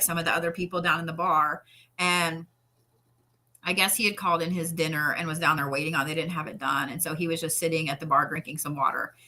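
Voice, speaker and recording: A woman guest chatting casually, telling animated stories, laughing often and swearing now and then. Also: fairly low pitch. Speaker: interview guest, pro wrestler. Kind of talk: casual storytelling chat.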